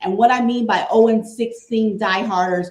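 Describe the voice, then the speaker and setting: A woman's voice: a little high, steady tone, moderate pace, darkish tone, echoey room. A woman from Cleveland, a guest chatting casually about football, repeating her points with a fan's enthusiasm. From Cleveland, Ohio. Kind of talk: casual sports chat.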